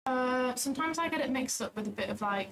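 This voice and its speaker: A woman's voice: sits high, lively intonation, quick pace, creaky, noisy background. A woman, chatting casually and playfully as the host's friend. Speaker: friend of the host. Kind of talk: casual chat.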